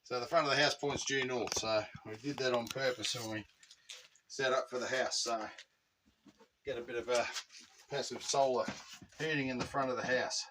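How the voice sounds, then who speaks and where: A man's voice: mid-range voice, fairly even intonation, normal speed, pauses often, sharp tone, far from the mic, slight background noise. An Australian man hosting a casual backyard how-to vlog, chatty and laid-back with rambling asides. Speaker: channel host. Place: outdoors in a backyard.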